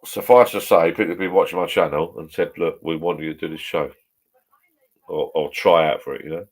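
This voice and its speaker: Middle-aged man, very low voice, rambling live chat, swears a lot. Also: steady tone, brisk. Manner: swears freely, rambling and chatty. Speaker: vlogger chatting with live viewers. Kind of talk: casual live-stream chat. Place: home garden bar shed.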